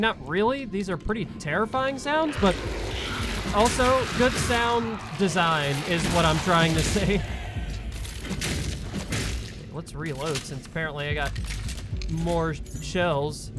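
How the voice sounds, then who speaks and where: A man's voice: a little high, expressive, slow pace, pauses often, background noise. A man commenting as he plays a horror game, jumpy, swearing and yelping at the scares. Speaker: let's play gamer. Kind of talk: live gameplay commentary. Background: loud game soundtrack.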